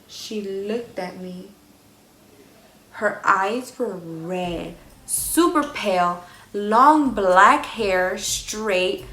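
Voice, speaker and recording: A young woman, casually telling a personal story to camera in an animated, slangy way. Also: mid-range voice, roomy sound, poor audio. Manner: animated, swears freely, slangy. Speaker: vlogger.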